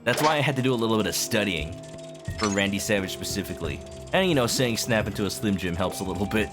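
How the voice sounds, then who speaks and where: A man's voice: fairly low pitch, expressive, fast. A man streaming a video game, chatting casually and explaining things to his viewers as he plays. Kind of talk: casual live-stream commentary. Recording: game music underneath.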